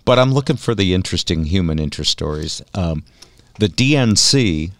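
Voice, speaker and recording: A man's voice: low voice, expressive, normal speed, dry recording. A middle-aged man hosting a talk radio show, reading news items with wry jokes. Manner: wry, joking, reads news items aloud. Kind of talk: casual talk radio banter.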